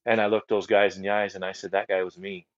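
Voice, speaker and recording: A middle-aged man speaks in a lowish voice, telling his testimony earnestly, looping back on phrases and filling pauses. The sound is dry and a bit dull, like close podcast audio. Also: level tone, no echo. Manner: earnest storyteller, repeats phrases, many fillers and restarts. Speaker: guest ministry leader. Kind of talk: personal testimony in a podcast chat.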